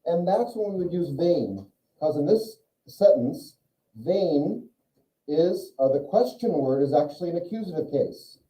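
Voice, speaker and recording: In a slightly high voice with a dark tone, a man teaches a class, keeping the lecture conversational and quizzing his students as he goes. The audio is muffled, distant and full of classroom echo.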